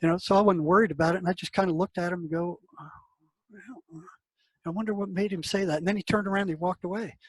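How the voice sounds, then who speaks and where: A man's voice: sits high, fairly even intonation, fast, no room sound, low-quality recording. An older man, a psychotherapist, telling a story in a casual, conversational way and acting out the dialogue. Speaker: psychotherapist guest. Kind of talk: storytelling interview answer.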